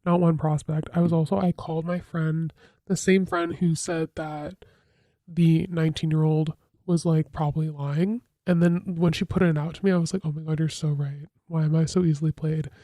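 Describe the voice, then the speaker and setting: A young woman hosting a podcast, telling a casual confessional story in a chatty, filler-heavy way with sudden dramatic jumps in pitch. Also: fairly even intonation, moderate pace, warm tone, dry recording. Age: young adult. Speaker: podcast host.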